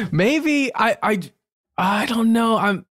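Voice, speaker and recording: Podcast cohost guy, kinda hesitant, lively pitch, dry mic. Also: drawn-out words, no echo. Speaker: podcast co-host. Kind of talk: casual chat.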